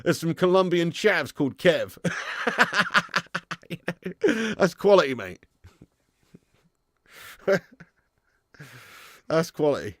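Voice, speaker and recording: Bloke streaming a footy watch-along, laughs a lot, swears, dry close mic. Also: male voice, a little high, sing-song, takes it slowly, pauses often, dry recording. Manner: swears freely, laughs often, reads chat aloud. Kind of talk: casual live-stream chat.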